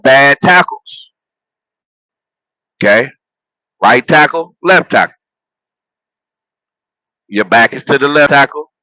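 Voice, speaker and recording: A man ranting casually about football, animated and profane, laughing at his own jokes and repeating himself as he builds his points. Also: mid-range voice, no echo, rough recording. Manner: repeats phrases and restarts while building a point. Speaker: sports vlogger and football fan. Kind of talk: casual sports rant.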